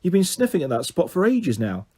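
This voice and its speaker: A man voicing a relaxed male dog owner in a storybook reading, easygoing and unhurried. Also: on the high side, pitched above the performer's own voice.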